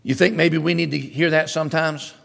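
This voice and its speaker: A male pastor preaching a sermon in an animated, conversational way, with sudden loud bursts. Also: on the high side, a little fast, creaky, in a large hall.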